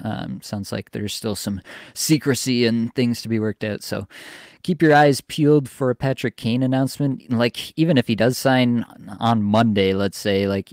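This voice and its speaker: A man in his young adult years hosts a podcast with a low voice. The sound is close and dry, with no room around it. He talks in a loose, chatty way, full of "uh" and "like.". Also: dry recording. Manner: relaxed, chatty, many fillers like "uh" and "like". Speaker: podcast host. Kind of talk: casual fantasy hockey podcast chat.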